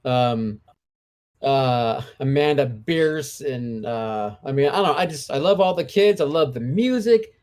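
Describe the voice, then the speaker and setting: A man's voice: mid-range voice, animated, a little slow, darkish tone. A man co-hosting a casual podcast chat from home, gushing enthusiastically like a devoted fan. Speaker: co-host. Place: home, remote live show during lockdown.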